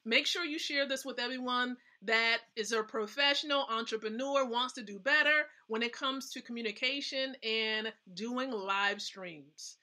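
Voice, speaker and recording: A woman's voice: fairly high pitch, measured pace, hardly any pauses, pushed and bright. A woman hosting a casual live stream, giving chatty, emphatic tips and often checking in with her viewers. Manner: chatty, emphatic, asks the audience questions. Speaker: host.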